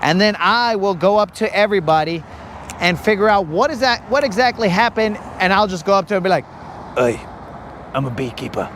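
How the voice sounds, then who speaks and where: High-voiced man joking on a fishing stream. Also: fairly quick, fairly bright tone, a little hiss or hum. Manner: rambling, joking storyteller. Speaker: live-stream fishing host. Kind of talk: casual live-stream chat. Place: outdoors on a lake.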